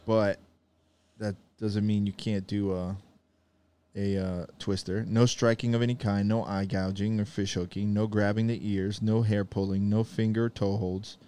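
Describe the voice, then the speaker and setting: Smooth low-voiced man in casual banter. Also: normal speed. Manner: laughing, profane, animated banter. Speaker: podcast co-host. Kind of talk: casual chat.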